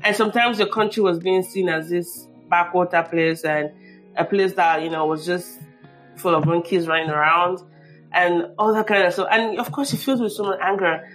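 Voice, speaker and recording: A woman's voice: on the low side, fairly even intonation, normal speed, a bit bright, soft background music. A woman hosting a podcast, asking long, rambling questions full of asides. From Nigeria. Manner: rambling, many asides and restarts. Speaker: podcast host.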